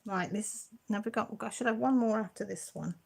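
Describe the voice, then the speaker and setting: Her voice is gravelly and medium in pitch, and she talks briskly. She's the host of a craft channel, chatting warmly on a casual home livestream until emotion takes over and she almost cries thanking viewers.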